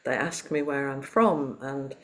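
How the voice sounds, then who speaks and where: A woman from Liverpool, without a Liverpool accent, giving a Zen dharma talk in a reflective, gentle way with many pauses. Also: rumbling low. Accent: none, not Liverpool; Southern English. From Liverpool, England.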